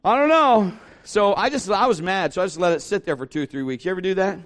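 A middle-aged pastor preaches in a high, light voice, spinning a folksy, humorous story. He slips into quick impressions of the people he quotes and then eases back into plain sermon talk. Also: expressive.

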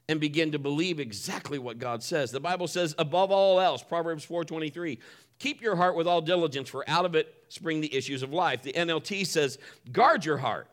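A man's voice: a little high, a bit bright. A middle-aged man preaching a sermon, telling a story with laughs and acted-out voices before moving into scripture. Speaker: pastor.

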